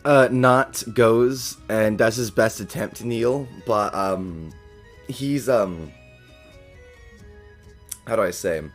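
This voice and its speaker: A player in a tabletop game who has the hiccups, excitable and swearing, laughing often. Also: medium pitch, slow, long pauses, faint music behind. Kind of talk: casual tabletop game play.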